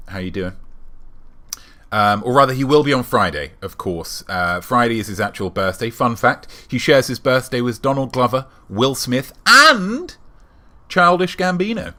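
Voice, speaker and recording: A man hosting a live-stream show, chatting with viewers in a playful, mock-grand and deadpan way while reading out their names. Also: fairly low pitch. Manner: reads out viewer names in a running patter. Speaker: livestream host.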